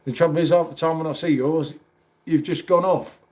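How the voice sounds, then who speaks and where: A man's voice: a little high, steady tone, fairly quick, a little mellow. Matey London man chatting on a livestream. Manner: chatty, matey, calls everyone mate. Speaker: livestream host. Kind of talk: casual live chat reading comments.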